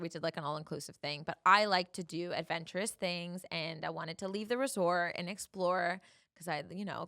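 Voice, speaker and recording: A young woman with a gravelly, fry-laden voice, chatting through a personal story as a podcast host. She talks animatedly and slips into the voices of the people in her story. The sound is close and dry, with no room around it. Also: medium pitch, bright, forceful tone, dry recording.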